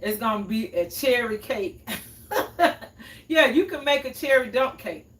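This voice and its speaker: Woman chatting on her cooking live, higher voice, kinda far from the mic, echoey kitchen. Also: animated, measured pace, fairly bright tone. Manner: chatty, reads viewer comments aloud and answers them. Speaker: host of a cooking livestream. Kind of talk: casual livestream chat. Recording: echoey room, mic at a distance.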